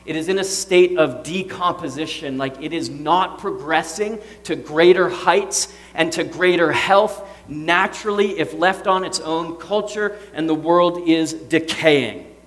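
A man in his thirties preaching a sermon in a casual, joking way, swinging between loud outbursts and quiet, serious stretches. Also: fairly high pitch, unhurried, hardly any pauses, in a large hall. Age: 30s. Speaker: pastor.

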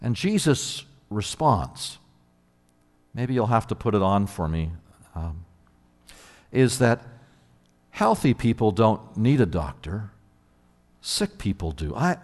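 Guy preaching, lively up-and-down voice, lots of repeats, big echoey hall. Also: medium pitch, a little slow. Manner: animated, repeats words, emphatic. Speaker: pastor. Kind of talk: sermon. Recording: long hall reverb.

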